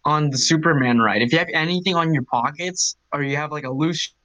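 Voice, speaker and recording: A man's voice: on the high side, fairly quick, a crowd in the background. A man in a casual group chat, slangy and dramatic.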